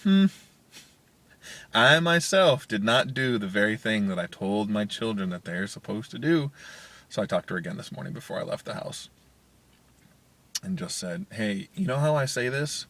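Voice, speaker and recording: A man's voice: lowish voice, very animated, normal speed, long pauses, a bit bright. A man in his thirties talking casually and candidly to camera from a parked car, with lots of restarts and fillers. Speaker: vlogger, parent. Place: parked car in a parking garage. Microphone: handheld media player's built-in mic.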